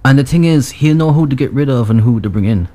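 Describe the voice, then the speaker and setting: A man's voice: mid-range voice, expressive, fast, warm tone. A man chatting casually about football as a co-host, talking hesitantly with many restarts.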